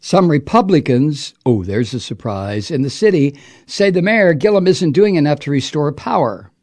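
A man rants about politics, swearing freely and sneering with sarcasm. His voice sits a little high and carries a gravelly fry. He sounds indignant throughout. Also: lively intonation, normal speed, a little mellow. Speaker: political commentator. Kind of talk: angry political monologue.

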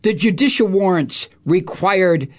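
A man's voice: sits high, animated, measured pace. A middle-aged man hosting a talk radio show, ranting about politics in an angry, profane, sarcastic way. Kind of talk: political rant.

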